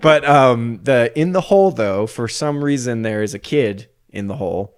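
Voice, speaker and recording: A man's voice: mid-range voice, lively intonation, normal speed, clear, resonant tone. A man casually telling a long, rambling story on a podcast, laughing often and swearing freely.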